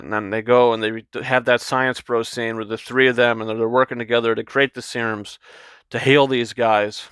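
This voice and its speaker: A man talks through a film review in an eager, rambling way, stumbling over his words and acting out lines from the film. His voice is bright and gravelly, and the sound is dry and close, with no room around it. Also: mid-range voice, dry recording. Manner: excited, rambling, many restarts and quoted paraphrases. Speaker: movie reviewer. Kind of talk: casual spoiler review monologue.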